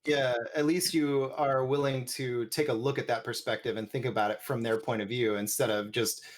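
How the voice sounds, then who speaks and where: A man's voice: mid-range voice, flat delivery, moderate pace. A man hosting a podcast in casual chat, easygoing, reading out a listener question. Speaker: podcast host.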